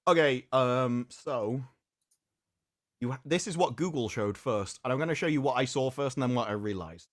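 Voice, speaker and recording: A middle-aged man co-hosting a casual livestream chat in an animated manner. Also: medium pitch, normal speed. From United Kingdom. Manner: animated, does loud voices of game lines. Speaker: co-host.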